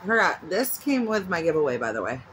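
A woman's voice: on the low side, sing-song, fast, poor audio. Woman vlogger just chatting away at home, wanders off topic a lot, faint hiss under it. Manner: chatty, rambling, full of asides. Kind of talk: casual chat. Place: at home with her dog nearby.

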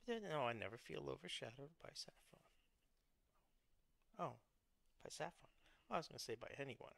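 A man's voice: mid-range voice, expressive, moderate pace, vocal fry, fairly bright tone. A man chatting casually to himself while knitting, muttering and making playful nonsense sounds. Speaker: vlogger.

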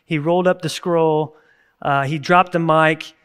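A man in his thirties preaches a church sermon with a fairly high voice. He talks in an earnest, conversational way, and now and then breaks into sudden emphatic bursts. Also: fairly even intonation, a little slow, a bit bright, smooth. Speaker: pastor. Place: church service recording.

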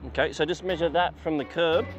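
A man's voice: fairly high pitch, fairly even intonation, a little fast, dull audio, music in the background. A man pranking drivers as a fake parking inspector, teasing and laughing as he repeats his lines. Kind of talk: prank vlog banter.

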